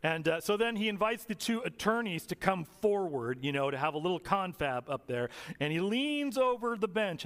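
A male pastor preaching a sermon, telling stories earnestly and slowing down to stress key words. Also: high-pitched, sing-song, a bit bright. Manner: earnest storytelling, slows for emphasis. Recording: long reverb of a hall.

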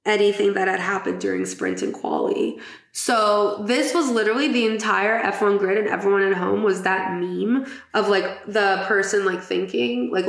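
A woman's voice: medium pitch, vocal fry, fairly bright tone, roomy sound. A woman hosting a podcast in casual chat, chatty and giggly, swearing casually. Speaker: podcast host.

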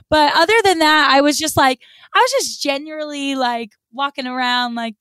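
A woman's voice: high voice, moderate pace, fairly bright tone, no room sound. A woman co-hosting a podcast, rambling in casual chat with lots of "like". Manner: rambling, heavy use of filler "like". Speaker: podcast co-host.

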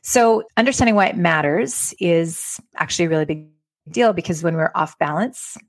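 Lower-voiced woman hosting a podcast. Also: moderate pace, no echo. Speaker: podcast host. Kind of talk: casual podcast chat.

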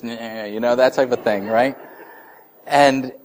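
A man in his thirties delivers a sermon in a relaxed, conversational way. His voice sits at a middle pitch, and he often restarts phrases as he works through his ideas. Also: takes it slowly. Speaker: pastor.

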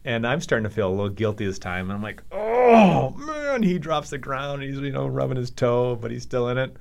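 A man's voice: mid-range voice, steady tone, quick pace, creaky. A middle-aged man from Minnesota telling a story in a profane, laughing way, acting out the other voices. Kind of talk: animated storytelling.

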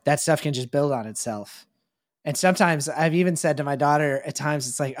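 A man's voice: a little high, a little fast. A man co-hosting a parenting podcast, explaining ideas in a reflective, casual way with frequent fillers and some swearing. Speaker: podcast co-host. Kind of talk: casual chat.

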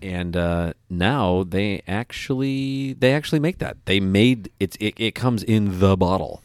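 A man's voice: on the low side, animated, a little slow, a little mellow, clean tone, no room sound, studio quality. A man hosting a casual podcast, talking with enthusiasm and rambling through many restarts. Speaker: podcast host. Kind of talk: casual chat.

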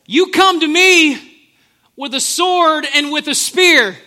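A man's voice: very high-pitched, moderate pace, exaggerated voice. A man playing a brash teenage David. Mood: boastful. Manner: swaggering, casual slang, rising to shouts. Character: brash confident teenage shepherd boy, trash-talking.

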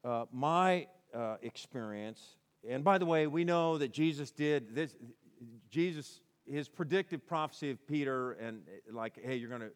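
A male pastor preaching a conversational sermon, animated and acting out quoted lines in between. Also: a little high, unhurried, clean tone.

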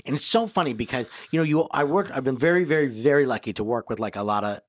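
A man's voice: medium pitch, fast, no room sound, clean studio sound. A comedian and author, a man, telling stories as a guest in a casual podcast conversation. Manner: storytelling, animated, quotes people in put-on voices.

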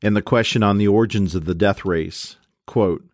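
Deep-voiced man casually summarizing a book. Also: moderate pace, no room sound, clean studio sound. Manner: reads quotes aloud and marks them with "quote" and "unquote"; relaxed, with frequent fillers and restarts. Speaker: book reviewer. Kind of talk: casual spoken book summary with read-aloud quotes.

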